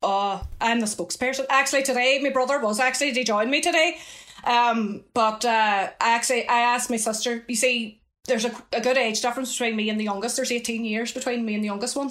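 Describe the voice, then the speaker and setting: A woman's voice: a little high, a little fast. Chatty Northern Irish woman storyteller. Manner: chatty, lively storyteller with frequent asides. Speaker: interview guest. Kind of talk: casual storytelling.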